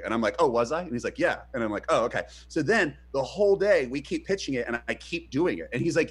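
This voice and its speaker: Rambling man with lively swings in pitch. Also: brisk, few pauses, slightly rough. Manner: rambling, hesitant with many fillers, animated retellings. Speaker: podcast co-host. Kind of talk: casual streamed chat.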